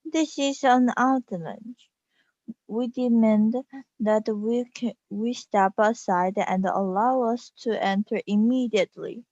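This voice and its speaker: A woman's voice: a little high, slow pace, a little mellow, no echo, dull audio. A woman reading a storybook aloud, voicing a haughty, imperious old queen who speaks through a boy. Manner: imperious, demanding.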